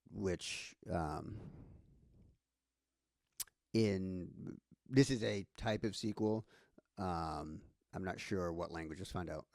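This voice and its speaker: An instructor with a deep, darkish voice gives a casual screen-share tutorial, thinking aloud with lots of fillers and restarts. The recording is dry and clean, with studio quality.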